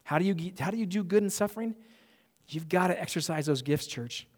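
A man's voice: high voice, animated, fairly quick, big-room sound. A male pastor delivering a sermon to his church in an emphatic, conversational way, often restarting his sentences. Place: church sanctuary.

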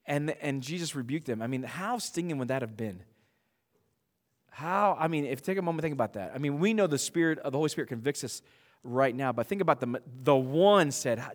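A man preaching a sermon to his church in a conversational, animated way, with frequent asides. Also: a little high, in a large hall. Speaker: pastor.

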